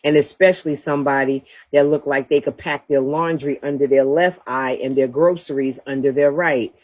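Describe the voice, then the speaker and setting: A woman's voice: rumbling low, steady tone, normal speed, darkish tone. Blunt profane woman ranting on a livestream. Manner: blunt trash-talking, profane, laughs often. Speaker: livestream host. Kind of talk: casual livestream rant.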